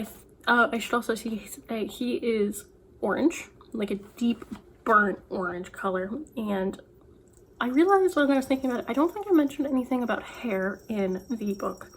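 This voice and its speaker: A young woman author chats in a loose, rambling way, often restarting her sentences. Her voice sits a little high. A faint hum of background sound runs under the whole recording. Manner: chatty, rambling, full of "like" and restarts. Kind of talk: casual vlog chat.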